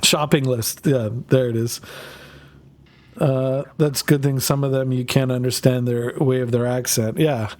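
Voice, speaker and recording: A man's voice: medium pitch, level tone, measured pace, a little mellow. A man chatting casually on a stream, rambling through stories, laughing and swearing freely. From North America. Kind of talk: casual chat while streaming.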